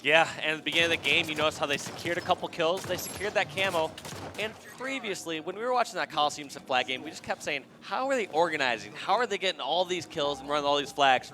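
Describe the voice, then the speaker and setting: A man's voice: on the high side, sharp tone, big-room sound. A man giving color commentary at an esports event, explaining team tactics. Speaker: esports analyst.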